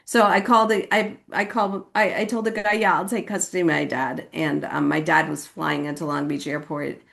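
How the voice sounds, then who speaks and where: Gravelly low-voiced woman from california telling her recovery story, chatty, lots of "like", jumps high when quoting people. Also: fairly even intonation, brisk, fairly bright tone. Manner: casual and chatty, with frequent "like" and "you know what I mean"; acts out quoted voices with sudden high pitch. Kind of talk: personal testimony at a recovery meeting.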